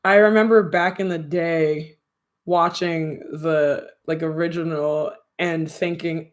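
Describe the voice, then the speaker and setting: Young adult streamer, loose rambling chat, frequent giggles, slangy, mid-pitched voice. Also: steady tone, slow. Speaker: streamer and audio creator. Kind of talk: casual livestream chat with viewers.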